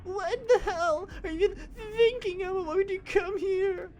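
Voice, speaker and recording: Man doing a frightened teen girl hostage, high wobbling falsetto, on the verge of tears. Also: fairly even intonation, unhurried, faint music behind. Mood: tearful panic. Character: terrified crying teenage girl hostage.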